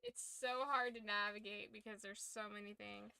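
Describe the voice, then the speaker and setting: A woman's voice: medium pitch, fairly even intonation, moderate pace, vocal fry, bright, forceful tone, clean tone, no room sound, clean studio sound. A tired woman streamer chatting casually on a livestream, rambling and swearing freely.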